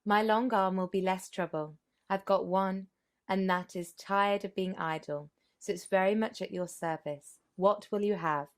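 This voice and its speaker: A woman reading as an insistent young gentleman. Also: medium pitch, fairly even intonation, a little slow, natural voice. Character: young gentleman, earnest and impatient.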